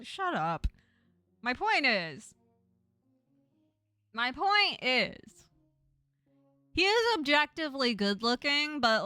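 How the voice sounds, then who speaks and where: A woman's voice: on the high side, bright, forceful tone, dry recording. A woman game streamer lisping from a sore tongue, chatting casually and teasingly with viewers and reading game text aloud.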